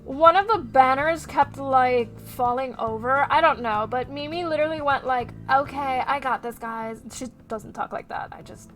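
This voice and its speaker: A woman streaming as she draws, chatting casually with her viewers, animated and quick to swear. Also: high voice, faint music behind. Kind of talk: casual chat while drawing on stream.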